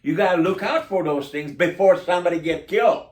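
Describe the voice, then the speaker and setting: Fairly high-voiced guy ranting about his neighborhood, rambly, keeps restarting, echoey room. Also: fairly quick. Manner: indignant, rambling, with frequent restarts and broken grammar. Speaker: local resident complaining about city officials. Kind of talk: casual spoken complaint monologue.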